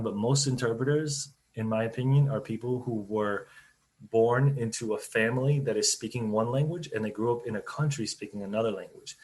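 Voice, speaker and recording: A man's voice: fairly low pitch, a little mellow. A man, a company CEO, giving conversational, explanatory answers in an interview over a video call. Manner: conversational, explanatory, laughs easily.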